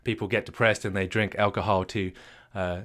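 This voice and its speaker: Guy coaching a marriage retreat, lowish voice, keeps repeating points and asking the room stuff. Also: flat delivery, moderate pace, fairly bright tone. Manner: emphatic, repeats key phrases, asks rhetorical questions; acts out low and upbeat voices to make points. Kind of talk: retreat workshop talk.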